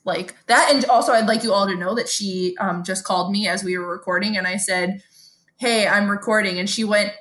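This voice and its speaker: A woman's voice: medium pitch, fairly quick, fairly bright tone. A woman, co-hosting a podcast in casual chat, telling stories animatedly and swearing freely. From Brooklyn, New York. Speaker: podcast co-host.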